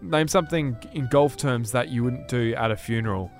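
Brief: young Aussie man, casual podcast co-host, easygoing and rambling, soft music underneath. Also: medium pitch, normal speed. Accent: Australian. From Perth, Australia. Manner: laid-back, rambling with many fillers. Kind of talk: casual chat.

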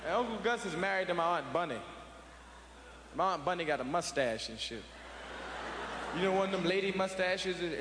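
High-voiced comedian in an echoey hall. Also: male voice. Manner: profane, storytelling, animated. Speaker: stand-up comedian. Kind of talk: stand-up routine. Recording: echoey hall with audience noise.

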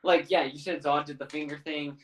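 A man's voice: a little high, steady tone, fairly quick. A man co-hosting a podcast, recapping a film plot in a loose, rambling way with lots of fillers. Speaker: podcast co-host. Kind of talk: casual chat. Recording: roomy, distant mic.

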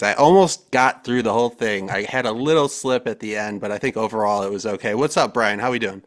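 A man's voice: on the low side, fairly quick, hardly any pauses. A man hosting a podcast in casual, joking banter, playful and sometimes profane. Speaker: podcast host.

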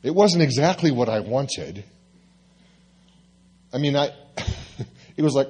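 A male pastor telling a personal story in a sermon, lively and confessional, with self-mocking asides. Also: medium pitch, slow pace, pauses often, slightly rough.

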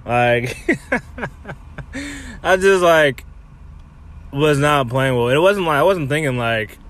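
A man's voice: on the high side, very animated, takes it slowly, a bit bright. A man talking casually about his golf game in a loose, rambling way, full of fillers and the odd swear word. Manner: filler-heavy, laid-back, swears casually. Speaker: amateur golfer podcaster.

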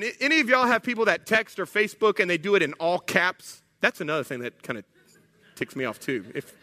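A man preaching a sermon as pastor, telling stories with humorous asides. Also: high-pitched. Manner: animated storytelling, humorous asides. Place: church sanctuary. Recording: echoey church hall.

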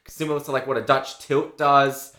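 A man's voice: mid-range voice, little pitch movement, normal speed, over a noisy crowd. Rambling male podcast co-host. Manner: rambling, filler-heavy, enthusiastic. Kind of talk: casual chat reviewing a TV show.

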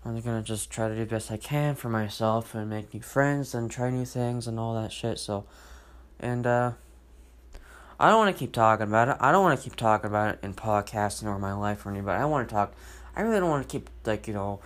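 A man's voice: lowish voice, a little fast. A man hosting his own podcast, talking alone in a rambling, emotional way, full of restarts and fillers as he vents. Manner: emotional and venting. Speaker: podcast host. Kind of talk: solo podcast monologue.

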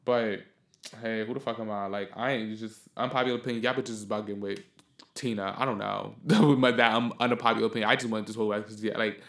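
Speaking fast in a lowish voice with fairly even intonation, this man hosts a podcast recorded in a reverberant room. He delivers blunt views in an offhand monologue, swearing a lot as his heated rants burst into loudness.

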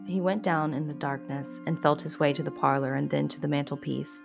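A woman reading a story aloud in a measured, dramatic narrating manner. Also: low voice, steady tone, gravelly, soft background music.

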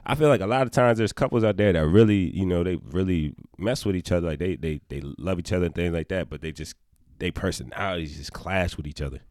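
A man's voice: low voice, fast, a little mellow, dry recording, studio quality. A young man co-hosting a podcast, chatting casually and animatedly, laughing often and swearing freely. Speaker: podcast co-host.

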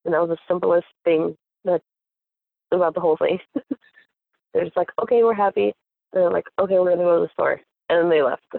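A young woman telling a personal story in a casual chat, animated and acting out what others said, with frequent laughs. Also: fairly low pitch, fairly quick, gravelly, pauses often, dry recording. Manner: animated, acts out quoted voices, laughs often. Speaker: guest. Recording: tinny phone-like audio.

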